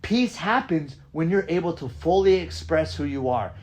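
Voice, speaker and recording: A man's voice: a little high, normal speed. Emphatic man coaching in casual talk. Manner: energetic, emphatic, repeats "right?"; swears casually. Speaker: podcast host and dance coach. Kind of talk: casual conversation.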